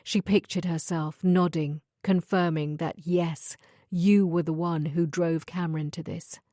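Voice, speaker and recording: A woman reading an audiobook thriller in measured, even scripted narration. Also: on the low side, no room sound, clean studio sound.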